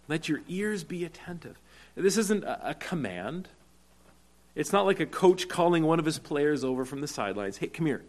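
A man preaching a sermon, deliberate and earnest, slowing down on key words and rising to urgent cries when he stresses a point. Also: medium pitch. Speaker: pastor.

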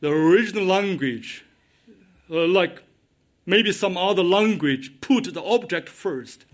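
A man's voice: high-pitched, animated, a little slow. A man preaching a sermon, repeating his key questions with emphasis.

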